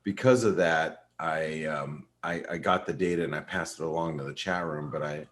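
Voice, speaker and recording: A man's voice: very deep voice, normal speed. A middle-aged man hosting a trading webinar, talking loosely about market analysis with many restarts and fillers. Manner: rambling, with frequent restarts and fillers. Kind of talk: casual trading webinar talk.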